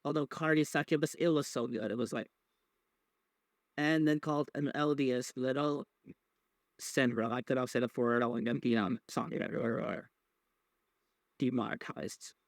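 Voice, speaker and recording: A man of middle pitch talks loosely, wandering through his points and dropping curse words along the way. He stumbles over his words, restarts sentences and leans on filler words. The sound is dry and close, with no room around it. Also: steady tone, normal speed, long pauses, no echo. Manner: rambling, profane, with many fillers and restarts. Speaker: podcast host. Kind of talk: casual wrestling recap chat.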